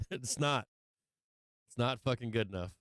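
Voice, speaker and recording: A man hosts a live trading stream, musing loosely about the market and swearing freely when a trade annoys him. His voice is smooth and clear, set at an average pitch. The sound is dry and close, with little room around it. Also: very animated, a little slow, a bit bright, no echo, rough recording. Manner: profane, venting frustration, laughing at himself; rambling with fillers and restarts. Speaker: livestream stock trading host.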